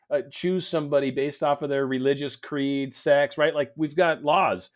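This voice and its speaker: A man's voice: medium pitch, a little mellow. A man hosting a casual political commentary show, rambling and sarcastic, with mocking asides.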